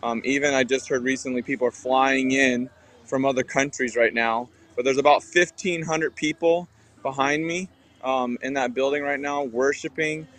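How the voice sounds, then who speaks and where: A man giving a casual, relaxed report from outside an auditorium, with many fillers. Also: medium pitch, moderate pace. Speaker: guest reporting on location. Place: outdoors by an auditorium.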